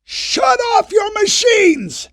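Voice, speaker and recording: Narrator voicing a bold young man yelling orders, high strained pitch, dry close sound. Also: huge pitch swings, normal speed, slightly rough, no room sound, heavily acted. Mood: urgent. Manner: shouts commands urgently. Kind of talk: audiobook character voice.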